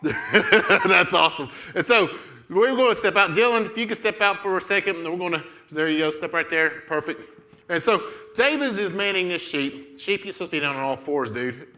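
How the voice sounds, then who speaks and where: A man's voice: sits high, expressive, normal speed, sharp tone. A man leading a children's church lesson, playfully telling a Bible story and directing kids as they act it out. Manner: playful, coaching children through a skit.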